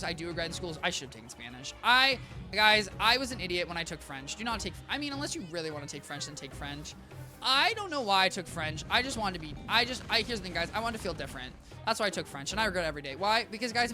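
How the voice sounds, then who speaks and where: A young man streaming a video game, rambling in a casual, self-deprecating way and talking to his chat as "guys". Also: high voice. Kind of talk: casual gaming commentary.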